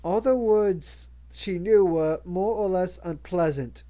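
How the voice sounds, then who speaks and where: A reader narrating a novel aloud in a measured way, with occasional stumbles and restarts. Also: mid-range voice, mellow. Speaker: audiobook reader. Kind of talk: audiobook narration.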